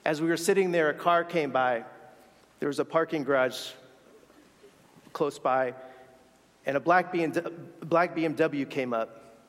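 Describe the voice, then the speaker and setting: An earnest man tells a reflective story from the pulpit, his voice sitting a little higher than most men's. He sometimes stumbles and restarts his words. The sound carries a long hall reverb. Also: measured pace, long pauses. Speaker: speaker sharing a faith story. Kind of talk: sermon storytelling.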